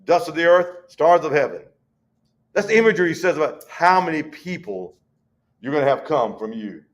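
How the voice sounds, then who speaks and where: A man teaching a Bible study, folksy and conversational, reading scripture slowly. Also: mid-range voice.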